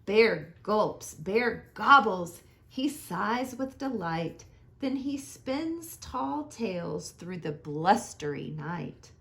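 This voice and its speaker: A woman teacher reading a children's picture book aloud, with slow, expressive sing-song storytelling. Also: medium pitch, gravelly.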